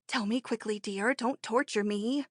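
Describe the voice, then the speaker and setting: A woman's voice: a little high, fairly even intonation, a little slow, no echo, studio quality. A woman voicing a frightened, fretful friend in an audiobook, with wailing, trembling pleas. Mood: pleading. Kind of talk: audiobook character reading.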